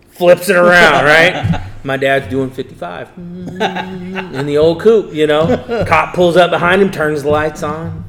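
Middle-aged guy from norcal telling a wild story, laughs a lot, acts out voices. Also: fairly high pitch. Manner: animated storyteller, acts out quotes, laughs often. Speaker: interviewee, hot rod racer. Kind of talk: casual storytelling interview.

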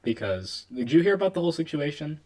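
A young man from New York co-hosting a comedy podcast. He throws in quick, teasing remarks during his friend's stories. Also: on the high side, big pitch swings, a little mellow. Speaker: podcast co-host. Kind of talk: casual comedic chat.

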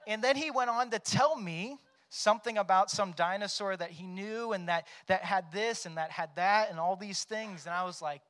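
A man's voice: sits high, normal speed, fairly bright tone. A man preaching a sermon as pastor, conversational, often checking in with "right?" and telling stories that act out quoted lines. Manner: conversational, tags points with "right?"; storytelling, acts out quoted lines.

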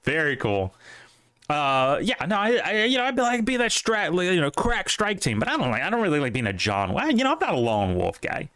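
Rambling young podcast host, dry sound. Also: male voice, fairly high pitch, fairly quick, clean tone, no room sound. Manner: rambling, animated, lots of fillers and restarts. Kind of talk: casual chat.

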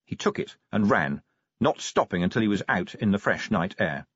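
A man reads a comic fantasy audiobook with wry, animated storytelling. His voice sits low and husky and moves in lively swoops of pitch. The recording is dry and a little dull. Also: normal speed, dry recording. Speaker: audiobook narrator. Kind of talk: scripted narration.

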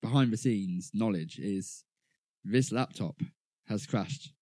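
A man's voice: fairly low pitch, slow, dark tone, no room sound. A man co-hosting a podcast, chatting about a film with wry, dry jokes. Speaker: podcast co-host. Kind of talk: casual film review chat.

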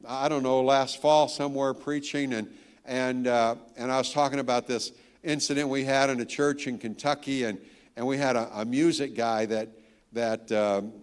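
A male pastor in his sixties giving a sermon, telling stories and joking with the congregation, hitting key lines hard. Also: medium pitch. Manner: storytelling, joking with the crowd, emphatic. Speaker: guest pastor.

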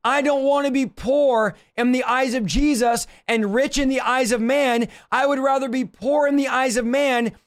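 On a livestream from his home office, a pastor with a strikingly high-pitched voice preaches, teaching scripture with urgency and emphasis. He drives his points hard and keeps slipping into quick asides, though his tone stays steady.

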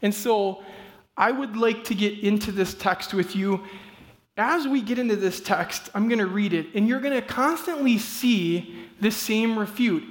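A man preaches a sermon through a story. His voice sits unusually high, and he talks in a loose, conversational, animated way, full of casual fillers. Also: measured pace, long reverb tail. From Midwest US.

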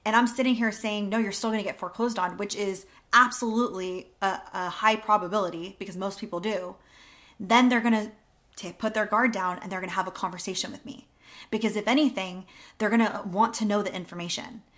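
A woman's voice: medium pitch, fairly even intonation, fairly quick, a bit bright. A woman in her thirties coaching real estate agents in a casual, chatty teaching style, acting out door-knocking lines as she goes.

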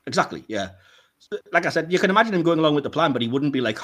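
A man co-hosting a podcast in casual chat, animated and laughing often as he rants. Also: a little high, racing. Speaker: podcast co-host.

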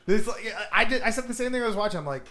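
A man's voice: high voice, rapid-fire. A man on a podcast, casually recapping a movie plot, swearing a lot and laughing as he goes. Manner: animated, swears a lot, laughs while retelling. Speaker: podcast host.

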